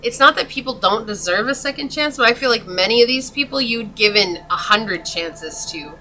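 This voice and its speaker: A woman's voice: a little high, expressive, normal speed, bright, forceful tone, slight background noise, rough recording. A woman giving a tarot reading in a chatty, casual way, talking straight to the viewer and laughing often. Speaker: tarot reader.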